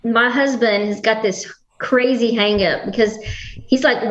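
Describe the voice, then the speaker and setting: A woman on a video call podcast chatting in an animated way, quoting people in little voices. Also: a little high, moderate pace. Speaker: podcast panelist. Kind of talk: casual chat. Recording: dull lo-fi call audio with faint hiss.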